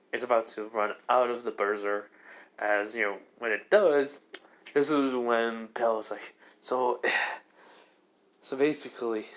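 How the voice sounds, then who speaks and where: A man casually narrating a fan-made story off the cuff. He rambles, circling back with fillers and restarts. His pitch stays in a middle range. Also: a bit bright.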